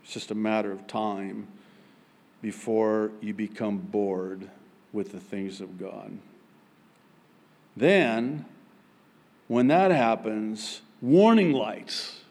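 A man preaching a sermon as pastor, with emphatic, raised high-pitched points broken by quiet, joking asides. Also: takes it slowly, long pauses. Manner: humorous, self-deprecating asides.

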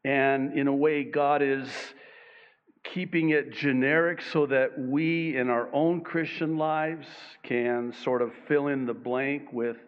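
A man preaching a sermon, slow and emphatic, with dramatic pauses on key phrases. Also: mid-range voice, steady tone, clean tone. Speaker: pastor. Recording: dull lo-fi recording.

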